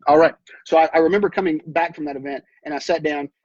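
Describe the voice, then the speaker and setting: Earnest halting man, husky and muffled. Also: on the high side, steady tone, a little mellow, no echo. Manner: earnest, halting, with many restarts and ums. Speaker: realtor. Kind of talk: personal storytelling to camera. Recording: dull, muffled sound.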